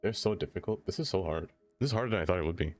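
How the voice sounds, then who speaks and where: A man's voice: deep voice, lively intonation, racing, faint music behind. A young man from the United States chatting casually on a live stream, laughing a lot and playfully trying out silly accents.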